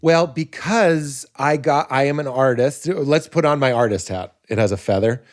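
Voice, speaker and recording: A man, a comedian and podcast guest, talking casually in an animated, riffing way and laughing at his own points. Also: medium pitch, normal speed.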